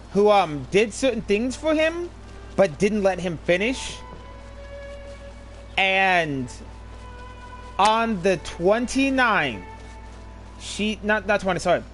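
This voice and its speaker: High, lively man telling stories. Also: slow, long pauses, soft background music. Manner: animated, profane storytelling. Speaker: streamer. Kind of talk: casual chat while gaming.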